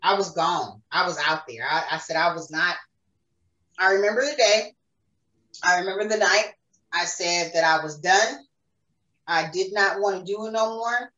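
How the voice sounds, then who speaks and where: A woman's voice: on the low side, moderate pace, pauses often, pushed and bright, lo-fi sound. A woman giving an earnest, emotional personal faith testimony as a podcast guest. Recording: roomy echo, distant mic.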